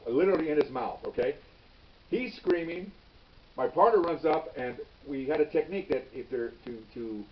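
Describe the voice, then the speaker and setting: A retired police officer in his sixties tells a story with lively energy, full of restarts and "okay?" tags. His voice sits a bit high for a man. The recording is dull and set slightly back from the mic. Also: recorded from a distance. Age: 60s.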